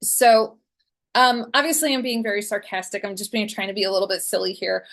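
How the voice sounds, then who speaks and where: A woman in her forties delivers a presentation in an easygoing, conversational way. She keeps the flow loose, filling pauses with ums and restarting phrases as she thinks aloud, and her voice sits at a middle pitch for a woman. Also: steady tone, fairly bright tone. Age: 40s. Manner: chatty, frequent ums and restarts. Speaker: guest speaker.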